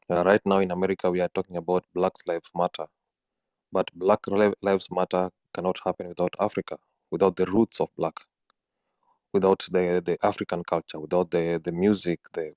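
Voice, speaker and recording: A man with a husky, just-woken voice, giving an earnest, halting talk in an online audio room, full of restarts. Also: sits low, darkish tone, no echo, dull audio. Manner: earnest, many repeated words and restarts. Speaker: guest speaker.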